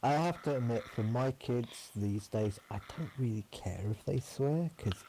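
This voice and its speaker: A man's voice: mid-range voice, lively intonation, moderate pace, dark tone, slight background noise, poor audio. A man speaking bluntly and matter-of-factly in casual chat on a live stream.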